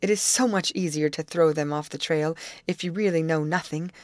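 A woman's voice: low-pitched, normal speed, darkish tone, no echo, close to an everyday voice. A woman reading the part of a ragged, nervous young man on the run, who talks in earnest, urgent pleas.

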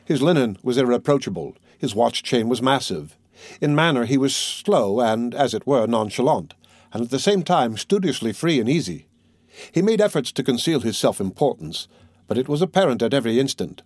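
A man reads a classic novel aloud as an audiobook narrator. His reading is measured and unhurried, at a middle pitch. The recording is dry and close, with no room sound. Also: animated, a little mellow, no room sound.

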